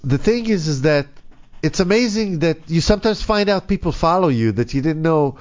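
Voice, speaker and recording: A man's voice: on the high side, expressive, moderate pace, darkish tone, highs cut off. A man hosting a radio talk show, chatting casually and hesitantly with many fillers.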